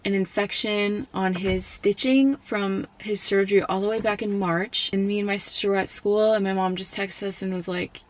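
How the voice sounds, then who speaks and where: A young woman talks straight to the camera in a personal vlog. Her voice is soft and often falters, and she is close to tears. She speaks in a mid-range pitch and leans on filler words as she goes. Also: fairly even intonation. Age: young adult. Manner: soft, tearful, halting with many fillers. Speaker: college student.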